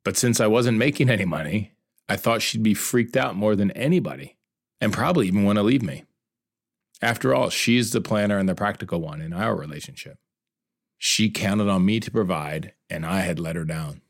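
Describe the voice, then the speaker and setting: A man's voice: on the low side, moderate pace, dry recording, clean studio sound. A middle-aged man narrating his own life story in an earnest, confessional way. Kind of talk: emotional personal narration.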